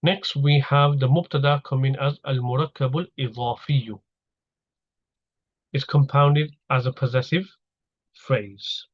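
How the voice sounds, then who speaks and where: A man's voice: medium pitch, muffled recording. A man teaching an Arabic grammar lesson, explaining step by step and repeating key terms.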